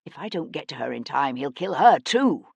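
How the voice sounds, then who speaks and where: A woman's voice: big pitch swings, moderate pace, vocal fry, husky, dry recording, full character voice. A woman voicing an intense young nobleman. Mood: urgent. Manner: low, urgent, swearing in anger. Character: intense young male aristocrat detective, earnest.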